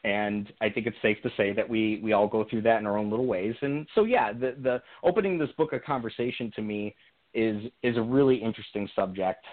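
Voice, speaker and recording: A young man telling a personal story on a call to a radio show, thinking out loud with many restarts. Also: lowish voice, a little fast. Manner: reflective, earnest, many restarts and fillers. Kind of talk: casual conversational storytelling. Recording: tinny phone-line sound.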